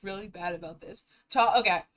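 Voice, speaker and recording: A woman's voice: mid-range voice, fairly quick, fairly bright tone. A young woman streamer chatting casually on a live stream, giggling and breaking into helpless laughter as she talks.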